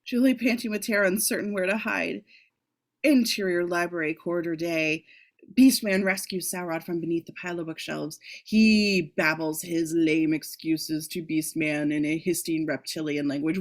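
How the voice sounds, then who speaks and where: A woman's voice: fairly low pitch, animated, moderate pace, a bit bright. A woman reading a screenplay aloud in a casual way, breaking off for joking asides and the odd swear word. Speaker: script reader.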